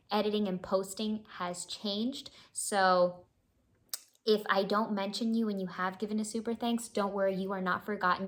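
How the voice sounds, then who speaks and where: A woman vlogging to camera in a casual, chatty way, gushing with thanks and drifting into playful asides. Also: mid-range voice. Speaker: music reaction vlogger.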